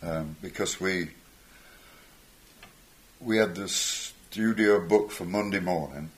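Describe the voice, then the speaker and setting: Deep-voiced and slow, an older man who is a musician guest on stage spins rambling anecdotes. He chuckles along and performs the voices of the people in his stories.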